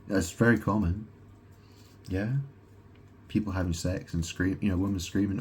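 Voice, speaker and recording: A man with a very low, deep voice delivers a rambling, profane monologue, repeating himself and restarting his sentences. He keeps throwing rhetorical questions at the listener. Faint noise sits under the voice. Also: steady tone, moderate pace, long pauses. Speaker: self-proclaimed god vlogger.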